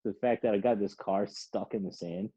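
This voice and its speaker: A man's voice: fairly low pitch, brisk, mellow, slightly rough, lo-fi sound. A man casually telling a long, rambling story on a podcast, laughing and swearing.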